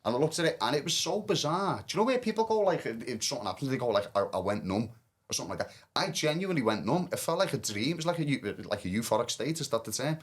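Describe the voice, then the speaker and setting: A man's voice: mid-range voice, very animated, quick pace, breathy edge. A man telling a personal story in a candid podcast conversation, earnest and emotional, often restarting his sentences.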